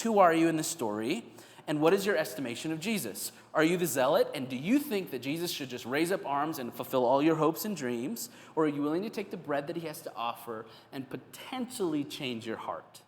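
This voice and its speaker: A pastor delivers a sermon in a slightly higher-than-usual man's voice, and the sound carries a long reverb from the church sanctuary. He speaks conversationally and voices back-and-forth dialogue with Jesus. The effect is casual preaching rather than a formal address.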